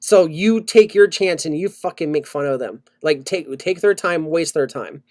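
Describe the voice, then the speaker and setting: A man's voice: on the high side, normal speed. A man co-hosting a casual podcast, ranting and swearing as he tells stories. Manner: ranting, swears a lot, animated storytelling. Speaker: podcast co-host. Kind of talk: casual profane chat.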